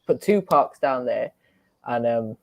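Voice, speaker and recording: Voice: medium pitch, expressive, takes it slowly, vocal fry. A speaker on a panel chat, telling news in a hesitant way with many ums. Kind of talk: casual group chat.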